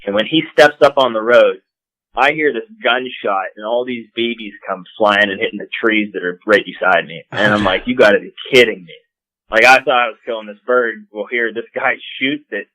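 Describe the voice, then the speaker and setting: Bright-voiced storytelling hunter. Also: male voice, fairly low pitch, moderate pace, dry recording, low-quality recording. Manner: laughing, animated storyteller. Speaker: guest, call maker. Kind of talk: casual storytelling.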